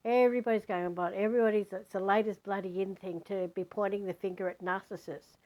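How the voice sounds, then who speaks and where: A woman sharing a personal story as a spiritual teacher in a vlog, animated and frank. She repeats words for emphasis and swears casually. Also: mid-range voice, fast talker, low-quality recording.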